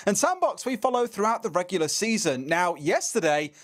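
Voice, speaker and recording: A young male esports caster with a lilt and a slightly raised voice. He banters and mocks himself, then moves into a quick, confident match preview. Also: high voice, very animated. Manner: jokey, self-mocking, then brisk match preview. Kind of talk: play-by-play casting banter.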